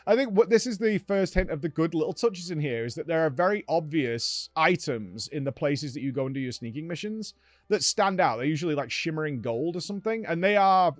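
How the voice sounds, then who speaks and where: Animated man recapping a game. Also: a little high, brisk, no echo. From United Kingdom. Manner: animated storytelling, acts out exchanges with "I'm like". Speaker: streamer and show host. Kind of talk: casual gaming recap chat.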